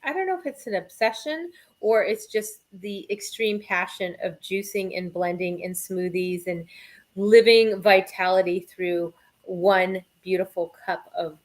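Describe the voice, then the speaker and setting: A woman hosting a casual chat, eager and quick to laugh, with plenty of ums. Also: mid-range voice. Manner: enthusiastic, laughs often, many fillers. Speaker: host.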